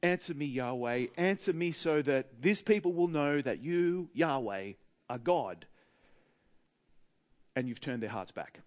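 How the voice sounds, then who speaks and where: A man's voice: medium pitch, expressive, a little slow, pitched below the performer's own voice, close to an everyday voice. A man voicing the prophet Elijah as he quotes him in a sermon, mocking at times and praying earnestly at others. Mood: solemn prayer. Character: prophet Elijah, adult man, bold and devout.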